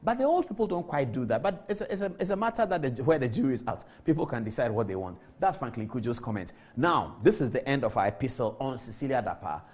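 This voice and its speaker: A man's voice: medium pitch, expressive, fast talker, few pauses. A middle-aged Ghanaian man hosting a TV talk show, giving emphatic studio commentary on the news and repeating words for effect. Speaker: TV show host.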